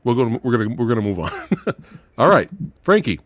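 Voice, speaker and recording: A man's voice: mid-range voice, big pitch swings, fairly quick, no room sound. A man hosting a podcast in casual chat, hesitant and stammering as he passes turns. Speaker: podcast host.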